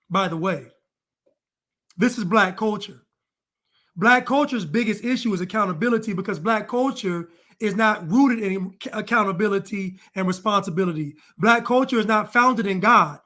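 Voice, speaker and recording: Male commentator, high voice, emphatic and repetitive, solo opinion monologue. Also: normal speed, sharp tone. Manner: emphatic and repetitive, hammering points home. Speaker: online commentator.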